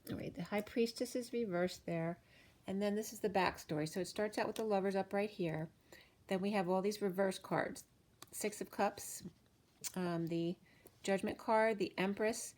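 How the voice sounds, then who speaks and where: Woman doing a tarot reading, kinda hoarse, chatty, lots of ums and restarts, middle pitch. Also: fairly even intonation, moderate pace, a little mellow. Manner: chatty, thinks aloud with fillers and self-corrections. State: hoarse, losing her voice. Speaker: tarot reader. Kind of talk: casual tarot card reading.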